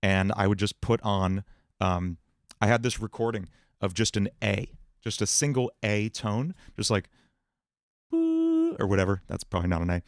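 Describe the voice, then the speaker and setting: A man hosting a livestream Q&A about singing and voice, explaining in a relaxed way with many fillers. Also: fairly low pitch, normal speed, no room sound, clean studio sound. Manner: relaxed explaining, many fillers, breaks into sung and put-on voice demos. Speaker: music producer and livestream host.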